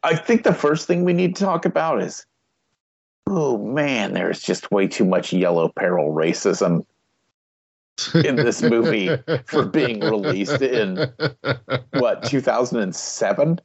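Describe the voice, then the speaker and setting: A man's voice: medium pitch, animated, takes it slowly, darkish tone, breathy edge, dry recording, highs cut off. A man co-hosting a podcast, talking bluntly and swearing freely in a casual movie chat. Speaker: podcast co-host.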